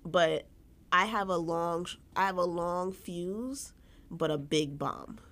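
A woman's voice: lowish voice, slow pace, a bit bright. A woman co-hosting a podcast in casual chat, candid and emphatic, often restarting her sentences. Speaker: podcast co-host.

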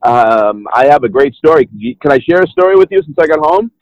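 A man's voice: on the high side, animated, brisk, no room sound, lo-fi sound. A middle-aged man with a Boston accent, a guest telling his story in a casual chat, rambling, with plenty of restarts and "you know"s. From Boston area, New England. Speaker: podcast guest.

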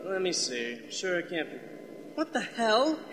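A man's voice: high voice, huge pitch swings, unhurried, fairly bright tone, in a large hall, slight background noise, full character voice. A man playing a brash, vain old-time movie star. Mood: irritable. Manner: brash, sarcastic.

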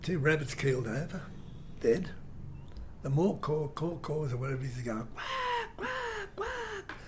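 An older man telling a rambling, animated story in an interview. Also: medium pitch, normal speed, a little hiss or hum. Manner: rambling, animated storyteller who mimics guitar sounds. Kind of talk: reminiscing anecdote.

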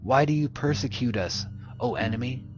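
A man's voice: mid-range voice, moderate pace, voice pushed up, natural voice. A man reading the part of Eve, the first woman, wailing and accusing in grief over music. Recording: muffled podcast audio with music behind.

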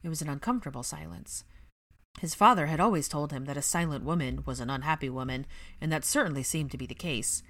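A woman calmly reading a fan fiction story aloud as narrator. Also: low voice, quick pace. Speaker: audiobook reader.

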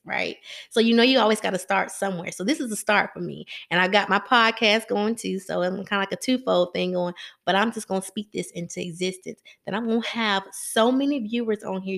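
Host woman, gravelly mid-pitched voice, relaxed livestream devotional, chatty, laughs a lot, slangy asides. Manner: chatty, laughs often, slangy and self-interrupting. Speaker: livestream host reading scripture. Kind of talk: casual livestream Bible devotional.

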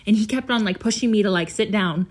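A teenage girl talks on her own casual chat show. She rambles from one thing to the next with plenty of fillers and swears freely. Her voice sits in an ordinary middle pitch for a woman. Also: fast talker, darkish tone. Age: teens. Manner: chatty, swears often, lots of fillers. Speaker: podcast host.

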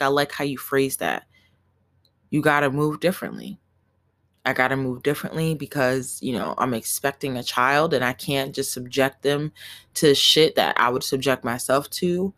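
A woman's voice: extremely low pitch, no echo. A young woman hosting her own podcast, talking earnestly and emotionally in a candid, profane solo monologue. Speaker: podcast host.

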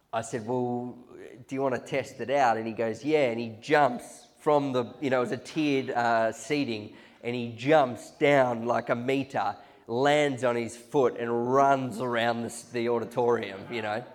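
A man preaching a sermon, telling stories with animated restarts and repetitions. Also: medium pitch, a little slow. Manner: storytelling, animated, restarts and repeats. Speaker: pastor.

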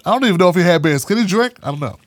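A man's voice: high-pitched, expressive, rapid-fire, dry recording. A man hosting a casual commentary monologue, talking in a sarcastic, mocking, slangy way. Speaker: political commentary host.

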